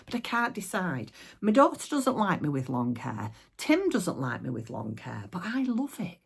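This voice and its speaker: A middle-aged woman talks low and gravelly, with a husky edge to her voice. She chats casually to her viewers from home, rambling and full of little fillers. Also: wildly swooping pitch, moderate pace. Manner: chatty and rambling, many fillers. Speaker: craft shop owner showing products. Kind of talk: casual chat to camera. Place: at home, indoors.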